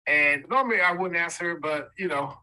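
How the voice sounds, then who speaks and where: A man tells his own story of hardship as a guest speaker. He gets emotional and repeats key words for weight. His voice sits a little high and rings very bright and forceful. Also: moderate pace, poor audio. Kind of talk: personal testimony.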